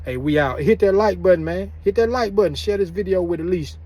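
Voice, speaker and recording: A man's voice: high voice, brisk, a little mellow. A man telling a story to camera in casual slang, repeating himself as he goes. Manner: repetitive, loose, drawling speech with slang. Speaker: vlogger telling prison stories.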